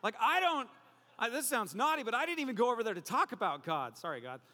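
Man preaching, high voice, bright and tense, animated joking storyteller, long hall reverb. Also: fast. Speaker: pastor. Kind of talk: sermon.

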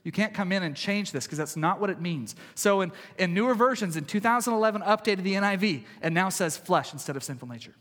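A male pastor preaching a sermon in a conversational way, swinging from loud emphasis to hushed, quiet passages. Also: sits high, lively intonation, quick pace, few pauses, long reverb tail.

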